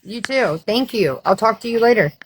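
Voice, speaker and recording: A woman's voice: on the high side, expressive, normal speed, slight background noise. An American woman hosting a livestream, chatting casually in a rambling, frank and profane way. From United States. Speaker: livestream host. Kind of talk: casual chat.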